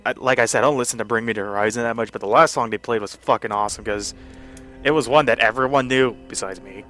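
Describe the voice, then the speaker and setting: A young man tells a loose, rambling story while he plays a game, filling every pause with casual fillers and swearing freely. His voice sits in an ordinary middle pitch. Soft game music plays faintly underneath. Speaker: gaming channel host. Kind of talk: casual storytelling over gameplay.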